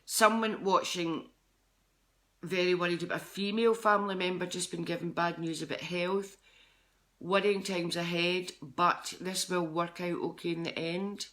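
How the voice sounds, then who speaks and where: A woman's voice: on the low side, fairly even intonation, moderate pace, a bit bright. A middle-aged Scottish woman, a psychic medium, chatting with viewers on a live stream in a rambling, chatty way. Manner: chatty, rambling, jumps between topics.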